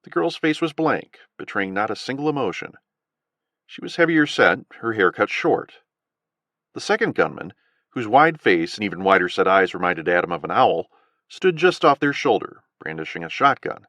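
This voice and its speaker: A man narrating an audiobook thriller with an expressive, dramatic reading. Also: on the low side, moderate pace, dry recording. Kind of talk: scripted narration.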